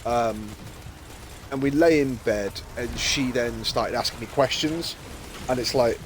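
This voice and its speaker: Speaking a little slowly in a mid-range voice, this British gamer tells stories in casual chat during his stream. He laughs and imitates the voices of people he quotes, and a faint hiss or hum sits under the recording.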